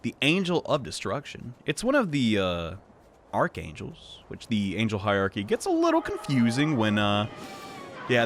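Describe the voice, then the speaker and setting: A young man narrating his game run in a casual, chatty way. His pitch swings widely as he jokes and reacts. He wanders into rambling asides between exclamations. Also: a bit bright, slight background noise. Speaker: let's play host. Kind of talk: casual gameplay commentary.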